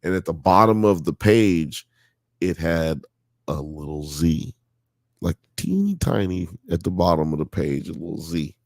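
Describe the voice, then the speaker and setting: A man's voice: sits low, big pitch swings, unhurried, no echo, studio quality. A man hosting a live show, telling a story in casual chat, full of "you know" and "blah blah," and growing emphatic when worked up.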